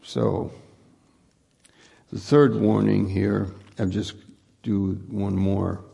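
A male pastor preaches at an unhurried pace in a heavily gravelly, husky voice that sits fairly low. He talks to the congregation plainly, repeating his points and asking rhetorical questions. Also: little pitch movement, dark tone. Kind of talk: sermon.

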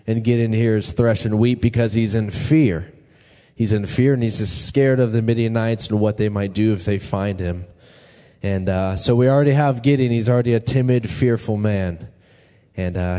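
A man's voice: lowish voice, dark tone. A man preaching a casual, conversational sermon and asking his congregation questions. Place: church hall. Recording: long hall reverb.

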